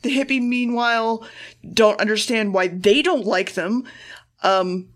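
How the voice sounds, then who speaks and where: Her pitch sits fairly high and her pace is measured as she co-hosts a podcast. Rambling and swearing freely, she gives a laid-back episode recap and performs the quotes she cites.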